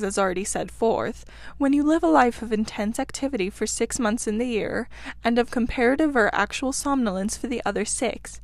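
A woman reading a classic children's novel aloud as narrator, with clear, expressive storytelling. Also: a little high, no echo.

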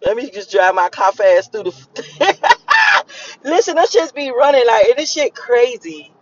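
High-pitched young man, rambling, profane, reflective, in a car, dull lo-fi audio. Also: wildly swooping pitch, measured pace, fairly bright tone, slight background noise. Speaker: vlogger. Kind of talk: casual morning monologue while driving.

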